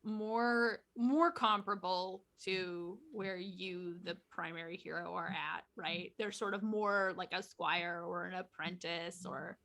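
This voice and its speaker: A woman's voice: fairly low pitch, steady tone, slow, hardly any pauses, a bit bright. A woman guesting on a casual livestream chat, thoughtful and wry as she talks through ideas.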